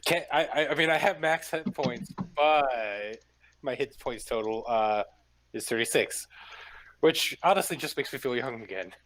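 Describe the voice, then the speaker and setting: A man at a tabletop game trades relaxed jokes about his character's hit points. His voice sits at an ordinary middle pitch. The talk is loose and casual. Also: measured pace. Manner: joking, relaxed banter. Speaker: player.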